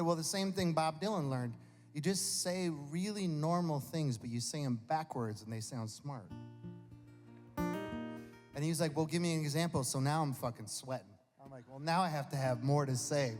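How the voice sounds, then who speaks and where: A man's voice: mid-range voice, darkish tone. A male singer-songwriter telling a chatty, self-mocking story on a live concert stage, swearing casually as he goes. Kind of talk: rambling onstage anecdote. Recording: long hall reverb, faint guitar.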